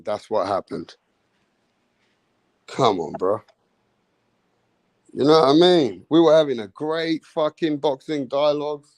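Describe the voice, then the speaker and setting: A man's voice: a little high, a little slow, pauses often, a little mellow, no room sound. A man hosting a live boxing talk stream, blunt and swearing, teasing a chat member.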